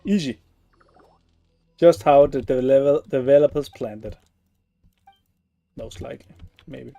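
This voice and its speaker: A man's voice: medium pitch, takes it slowly, creaky, warm tone, dull audio, faint music behind. A man giving casual gameplay commentary, sarcastic and swearing freely as he plays. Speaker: gaming streamer.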